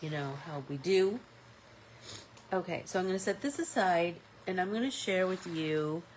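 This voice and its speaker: A woman's voice: lowish voice, expressive, moderate pace, a little hiss or hum, low-quality recording. A woman with a stuffy nose hosting a live-stream art class, chatting casually and thinking aloud with fillers as she paints.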